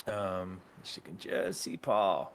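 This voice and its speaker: A man running a tabletop game as game master, pausing with ums while he checks rules. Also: sits low, very animated, creaky, a little hiss or hum.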